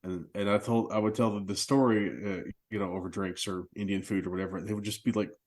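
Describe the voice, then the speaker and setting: A man with a fairly low voice rambles through his stories in loose, casual podcast chat, laughing at his own expense as he goes. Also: steady tone, quick pace. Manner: rambling anecdotal storyteller, laughs at himself. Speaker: podcast co-host.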